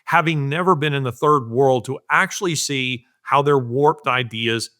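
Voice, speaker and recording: A man's voice: mid-range voice, moderate pace, sharp tone. A middle-aged man speaking earnestly in a podcast conversation, telling stories and emphasizing his points. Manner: earnest, emphatic, acts out quotes. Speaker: guest commentator. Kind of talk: casual podcast conversation, storytelling.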